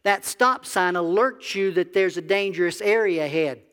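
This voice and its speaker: A man's voice: high voice, moderate pace, fairly bright tone, clear, resonant tone, long reverb tail. A man, a biblical counselor, preaching a conversational sermon that asks the audience questions. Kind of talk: sermon to a congregation.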